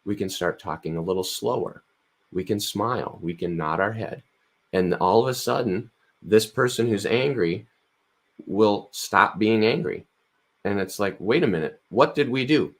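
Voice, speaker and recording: A man in a casual podcast conversation, explaining things calmly and repeating words as he restarts. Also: lowish voice, a little slow.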